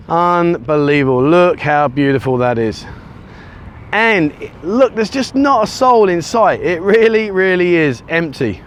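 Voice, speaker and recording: A middle-aged English man with a slightly high voice talks through a handheld camera at arm's length, chatty and self-mocking. He is outdoors by a beachfront road, with faint traffic noise behind him. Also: expressive, unhurried, fairly bright tone. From United Kingdom. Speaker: vlogger. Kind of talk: casual walking vlog.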